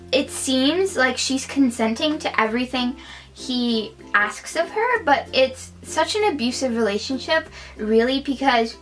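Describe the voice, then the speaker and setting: Slow-talking chatty woman reviewer. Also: fairly high pitch, a bit bright, poor audio. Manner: chatty, opinionated, many fillers. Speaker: movie reviewer. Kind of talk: casual vlog review.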